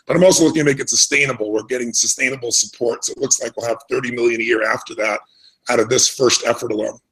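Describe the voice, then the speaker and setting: An earnest middle-aged man from the United States, recounting his past at an unhurried, reflective pace. His voice is gravelly with a husky edge, and he often restarts his sentences as he speaks. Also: medium pitch, fairly even intonation, fairly bright tone, rough recording. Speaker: interview guest. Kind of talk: conversational storytelling.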